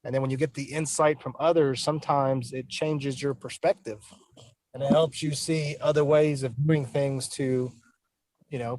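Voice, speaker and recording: A man on a program panel giving plain-spoken, relaxed advice about bidding jobs. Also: medium pitch, no echo, low-quality recording. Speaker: estimator coach. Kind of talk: online panel discussion.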